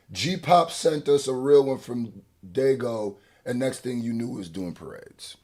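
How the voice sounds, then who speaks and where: A man giving casual, animated reaction commentary, talking back to the track. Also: mid-range voice, measured pace. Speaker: reaction streamer.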